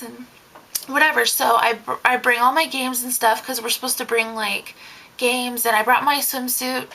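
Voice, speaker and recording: A young woman chattily telling a babysitting story in a casual vlog, full of fillers and quoting people in a higher voice. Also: fairly even intonation, moderate pace, vocal fry, bright, forceful tone, poor audio. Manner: chatty, lots of fillers, acts out quotes in a higher voice. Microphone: camera mic.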